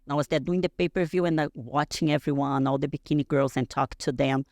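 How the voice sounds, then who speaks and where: A woman's voice: sits low, fairly even intonation, quick pace, darkish tone, no echo. Chatty woman, dry sound. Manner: chatty, many fillers. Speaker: guest. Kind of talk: casual interview chat. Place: studio, podcast.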